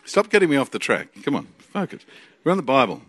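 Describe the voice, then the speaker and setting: A man with an Australian accent preaching a sermon, excitable and jokey, swinging from loud bursts to quiet asides. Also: mid-range voice, quick pace, husky. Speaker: preacher and Bible college teacher.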